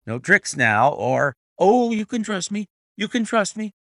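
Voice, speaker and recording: A man voicing a fierce, bullying elderly horse trainer in a read-aloud detective story, talking loudly and bluster-heavy. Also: mid-range voice, big pitch swings, unhurried, no echo, clean studio sound. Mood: cowed. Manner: loud and blustering.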